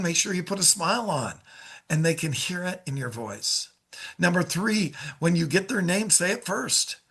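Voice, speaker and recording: A man's voice: a little high, gravelly, fairly bright tone, slightly rough. A middle-aged man teaching a sales lesson in an upbeat coaching manner, acting out sample phone calls. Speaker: sales trainer.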